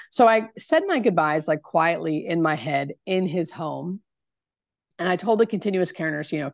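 A woman, a hospice nurse, telling a personal story in a podcast interview, halting and searching for words with many fillers. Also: fairly low pitch, creaky, no echo, clean studio sound.

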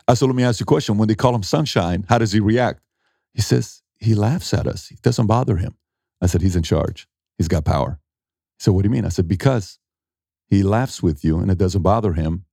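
A middle-aged man, an entrepreneur, telling animated stories in a conversational interview and acting out what people said. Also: sits low, vocal fry, no echo, clean studio sound. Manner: animated storyteller acting out quotes, emphatic.

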